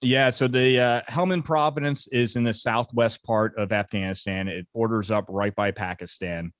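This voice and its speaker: A man in his thirties, an interview guest telling combat stories briskly, acting out the dialogue. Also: on the low side, steady tone, dry recording, studio quality. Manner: brisk, vivid war storytelling with quoted dialogue. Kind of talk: casual storytelling interview.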